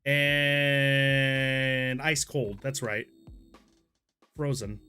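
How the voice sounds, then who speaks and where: A man's voice: mid-range voice, fairly even intonation, drawn-out words, bright, forceful tone, clean tone, soft background music. A man streaming a story game, rambling casually, swearing freely and laughing at himself. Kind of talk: casual let's-play commentary.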